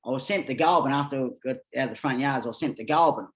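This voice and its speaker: An Australian man of middling pitch, telling his stories in a casual, rambling way. He talks bluntly and swears without a second thought. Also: fast talker, a bit bright. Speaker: podcast guest. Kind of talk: casual storytelling.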